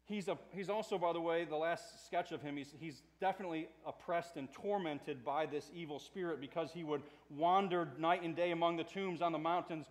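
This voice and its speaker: A man preaching a sermon in a conversational way, swinging from hushed to loud. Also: a little high, steady tone, fairly quick, hardly any pauses. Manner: conversational with fillers and restarts. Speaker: pastor.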